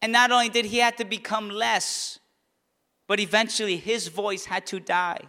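Preaching at a moderate pace with little pitch movement, a pastor's high, bright voice rises to fervent near-shouts on the key lines of his sermon. A long reverb lingers as his words echo through the church sanctuary.

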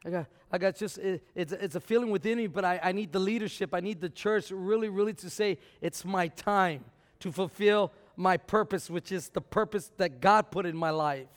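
A man preaching a sermon, swinging from shouted peaks down to low, quiet talk, often repeating words as he restarts. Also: brisk, hardly any pauses. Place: church. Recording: long hall reverb.

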